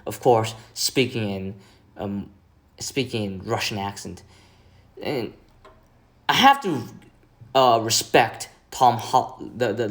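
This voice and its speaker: A man's voice: lowish voice, fairly bright tone. A man chatting casually as a streamer host, rambling and hesitant as he restarts his words. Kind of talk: casual chat.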